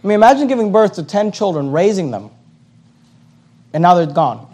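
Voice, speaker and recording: A male preacher giving a sermon, emphatic and repetitive, his voice climbing to loud high peaks. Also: big pitch swings, brisk.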